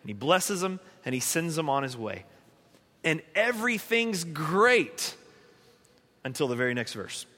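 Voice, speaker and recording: A man's voice: a little high, sing-song, measured pace, sharp tone. A man preaching a sermon in an earnest, conversational way, pleading at times. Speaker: pastor. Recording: long hall reverb.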